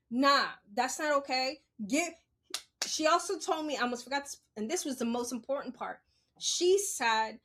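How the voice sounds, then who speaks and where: A woman telling a personal story on a podcast in a casual, animated way, swearing freely and laughing as she goes. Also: high-pitched. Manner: animated, profane, laughs while she talks.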